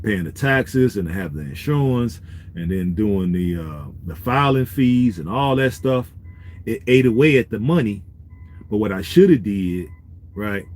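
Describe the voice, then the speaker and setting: A man's voice: on the low side, slight background noise. A man vlogging in a laid-back, street-wise way, talking to his viewers and giving business advice. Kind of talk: casual talk to camera.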